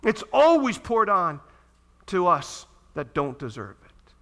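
Bright, high-voiced animated male pastor. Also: takes it slowly. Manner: animated, acts out pleading voices. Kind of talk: sermon.

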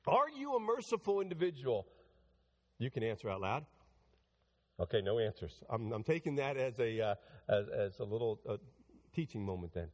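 A man's voice: medium pitch, sing-song, normal speed, darkish tone, long reverb tail. A man preaching a sermon to his church, talking conversationally and building to emphatic preaching. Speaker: pastor. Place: church sanctuary.

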